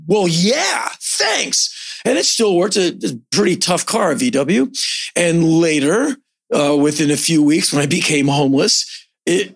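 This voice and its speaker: A man recalls a story in a dry, wry manner, his voice gravelly with a lot of fry. He speaks a little higher than most men. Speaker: guest. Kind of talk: casual anecdote telling.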